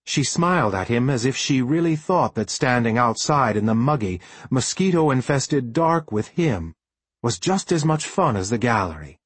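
Husky expressive male audiobook narrator. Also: medium pitch, normal speed, no echo. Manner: expressive storytelling. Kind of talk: scripted narration.

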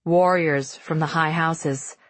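A woman's voice: deep voice, steady tone, slow, no echo. A woman reading an audiobook in tense first-person narration.

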